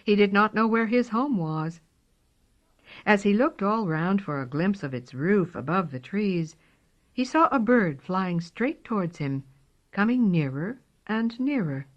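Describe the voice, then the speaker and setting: A woman reading a storybook aloud in a slow, expressive way. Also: lowish voice. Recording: dull lo-fi recording.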